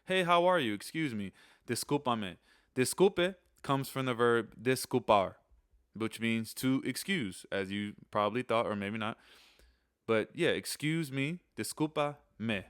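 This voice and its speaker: A man hosting a casual spoken lesson, relaxed, repeating key phrases slowly between chatty asides. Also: medium pitch, smooth, no room sound, clean studio sound. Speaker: channel host teaching phrases.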